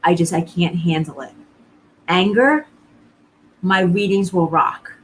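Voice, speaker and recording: A woman's voice: fairly low pitch, slow pace, a little hiss or hum, poor audio. A woman psychic medium doing a live-streamed reading, talking to viewers in an earnest, reassuring way and often repeating herself.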